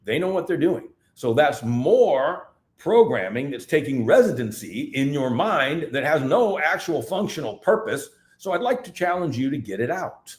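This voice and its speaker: A man's voice: a little high, moderate pace, few pauses, reverberant. A man speaking at a live event, emphatic and repetitive as he drives his points home. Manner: animated, repetitive, emphatic delivery. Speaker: seminar speaker. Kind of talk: live talk at a festival.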